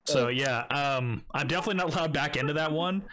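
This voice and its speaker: A man's voice: fairly high pitch, quick pace, fairly bright tone, slight background noise. A young man casually telling a story, swearing often and rambling with many fillers. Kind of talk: casual chat.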